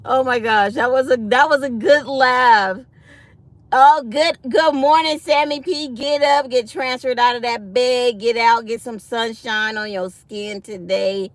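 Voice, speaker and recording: A woman's voice: a little high, unhurried. A middle-aged woman hosting a casual livestream, chatty and laughing, calling her viewers y'all. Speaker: livestream host.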